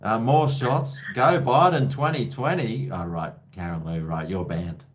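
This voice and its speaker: A man's voice: mid-range voice, animated, slow. A man hosting a casual call-in live stream, rambling and tipsy between shots. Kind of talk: casual chat with callers.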